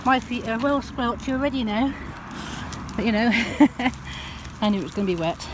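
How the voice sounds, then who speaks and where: A woman with a Northern English accent vlogging casually as she walks a wet park track, chatty and given to high sing-song baby talk with her cats. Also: moderate pace, noisy background. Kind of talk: casual walking vlog.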